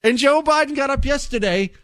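A man's voice: very high voice, brisk, fairly bright tone, dry recording. A man hosting a radio talk show, delivering an opinionated monologue in an incredulous, emphatic, rambling way.

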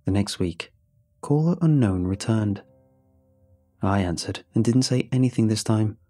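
A man narrates a first-person horror story with a dark, mellow tone and a husky edge to his voice. He keeps the delivery measured and suspenseful, letting the tension build line by line. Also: lowish voice, no echo, clean studio sound.

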